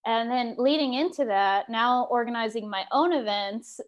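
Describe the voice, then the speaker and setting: A woman from Texas who leads a sharing circle, telling a personal story in a lively, animated way and laughing as she goes. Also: a little high, normal speed, highs cut off. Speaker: group facilitator.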